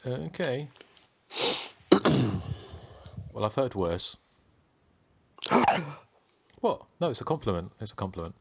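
A man's voice: medium pitch, sing-song, takes it slowly, creaky, pauses often, husky, no room sound. A man co-hosting a casual film podcast, teasing and joking with the others. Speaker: podcast co-host.

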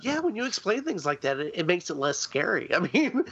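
A man joining a podcast over a remote call, chatting about a horror film in a giggly, animated way. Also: high voice, a little fast, slightly rough. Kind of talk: casual film discussion. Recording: muffled call audio.

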